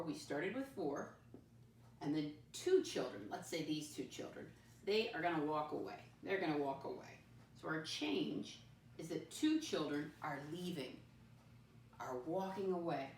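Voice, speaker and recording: A patient woman teaching young children in a classroom, slowly spelling words out letter by letter. Her voice sounds roomy and sits a little away from the mic. A faint hum of background noise runs underneath. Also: lowish voice, recorded from a distance. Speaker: first-grade teacher.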